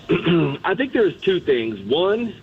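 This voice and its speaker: A man who played pro baseball, a guest on a sports radio show, telling candid stories from the clubhouse in a blunt, lively way. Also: a little high, very slow. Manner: blunt, candid, animated retelling. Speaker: guest, former pitcher. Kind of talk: casual sports radio storytelling. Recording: tinny phone line.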